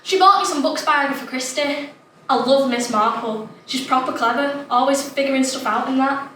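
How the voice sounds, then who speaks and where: A woman's voice: high-pitched, moderate pace, fairly bright tone, slight background noise. A woman playing an imaginative, chatty young child, delivering a dramatic monologue, childlike and plain-spoken. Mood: wistful. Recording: roomy echo, distant mic, faint ambience.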